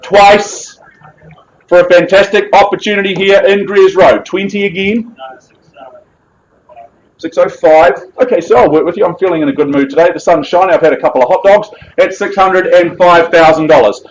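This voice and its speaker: A man's voice: sits high, moderate pace, low-quality recording. A man with a New Zealand accent calling a live property auction with jovial, persuasive patter.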